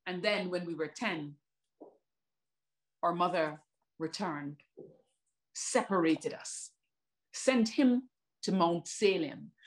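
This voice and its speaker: A Jamaican woman performing her own spoken word poetry with rhythmic, emphatic delivery and dramatic pauses, breaking off for chatty asides to an unseen online audience. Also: medium pitch. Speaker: poet and performer.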